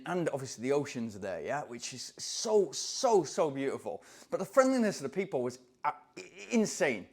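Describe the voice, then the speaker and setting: A man from England, a running coach telling a story in an animated, excitable way. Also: fairly high pitch. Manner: animated, excitable, acts out voices in anecdotes. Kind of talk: casual storytelling to camera.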